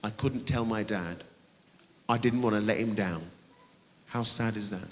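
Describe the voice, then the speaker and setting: A man doing a stand-up comedy set on a theatre stage, teasing the audience and bursting into shouted high voices. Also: a little slow. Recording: reverberant hall with loud audience noise.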